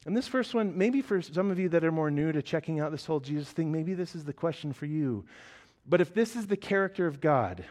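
Earnest man preaching a sermon. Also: on the high side. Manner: earnest, building to loud emphatic peaks then dropping soft. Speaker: pastor.

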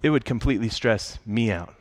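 A man's voice: mid-range voice, a little fast, no room sound. A man preaching a sermon in a conversational, humorous storytelling way. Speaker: pastor.

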